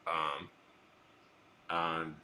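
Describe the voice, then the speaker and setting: A man's voice: rumbling low, completely flat delivery, extremely slow, sharp tone. A young man streaming his art and chatting casually to his viewers. He rambles and jokes, often restarting his sentences. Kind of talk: casual chat with a live stream audience. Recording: roomy echo.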